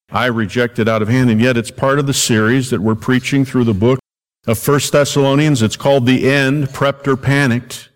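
A male senior minister preaching a conversational sermon, stressing points by repeating them. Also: medium pitch. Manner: conversational preaching, emphatic repetition. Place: church sanctuary. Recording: long hall reverb.

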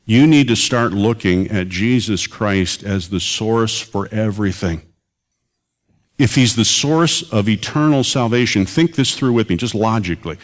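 A man's voice: fairly low pitch, normal speed. A man preaching a sermon as pastor and radio preacher, earnest and building to emphatic peaks.

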